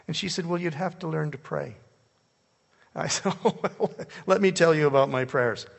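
Older male preacher, gravelly, animated storytelling, long church reverb. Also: a little high, normal speed. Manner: animated, jumps between hushed and loud. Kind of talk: storytelling sermon. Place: church hall.

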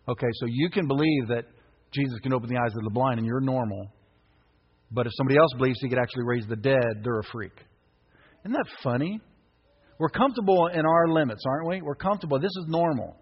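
A man around fifty preaching a sermon as pastor, impassioned, breaking into shouts. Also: medium pitch, fast, breathy edge. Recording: echoey hall, dull lo-fi sound.

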